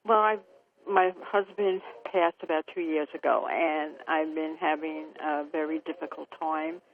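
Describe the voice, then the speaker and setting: A woman calling in to a radio show, giving short, soft-spoken answers. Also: deep voice, fairly even intonation, unhurried, a little hiss or hum. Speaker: caller. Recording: tinny phone line.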